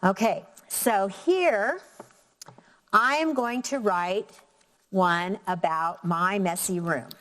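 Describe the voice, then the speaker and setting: Slow, clear woman teaching young children. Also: medium pitch, a bit bright, in a large hall, a little hiss or hum. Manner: slow, clear, counting out syllables. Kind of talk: elementary classroom lesson.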